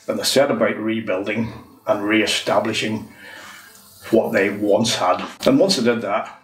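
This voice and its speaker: A man reviewing a whisky in a chatty, unhurried way. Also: lowish voice, fairly even intonation, far from the mic. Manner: chatty, unhurried, says "wee" often. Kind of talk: casual review monologue. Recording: roomy, from off the mic, faint music.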